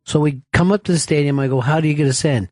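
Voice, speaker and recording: A man telling a wild, profanity-filled story on a radio talk show, acting out the shouts and laughing as he goes. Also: on the high side, quick pace, dry recording.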